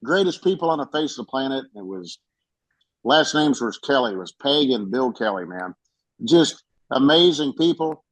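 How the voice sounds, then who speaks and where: Lively swearing storyteller man, dry sound. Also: medium pitch, normal speed, no room sound, rough recording. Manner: animated storyteller, swears freely, acts out quotes. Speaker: podcast co-host. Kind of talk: casual chat.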